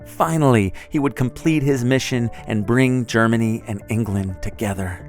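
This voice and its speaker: A man tells a scripted podcast story in a calm, even voice of middle pitch. Faint music plays underneath him. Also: moderate pace. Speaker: narrator.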